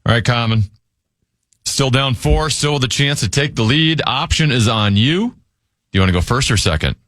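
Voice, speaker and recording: A male radio host runs a word game, calling scores and turns in a brisk game-show manner. His delivery moves a lot in pitch, and the sound is dry and close. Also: lively intonation, a bit bright, no room sound.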